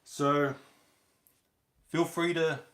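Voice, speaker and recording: A man's voice: a little high, little pitch movement, drawn-out words, a bit bright, roomy sound. A man hosting a casual livestream chat, talking loosely with lots of fillers and restarts. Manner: loose, rambling, with many fillers. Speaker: host of a car wash business channel. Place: home.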